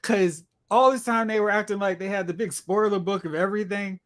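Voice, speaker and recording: A man's voice: sits high, steady tone, fairly quick. A man co-hosting a podcast in casual chat, complaining bluntly with dry sarcasm. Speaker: podcast co-host.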